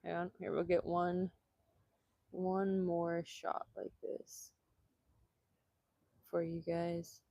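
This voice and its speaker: A woman vlogger chatting excitedly on a live stream outdoors, laughing often and filming on a handheld phone. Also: lowish voice, very slow, gravelly, pauses often, no echo, clean studio sound. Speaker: vanlife vlogger. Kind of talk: casual live-stream chat. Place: outdoors in Hawaii.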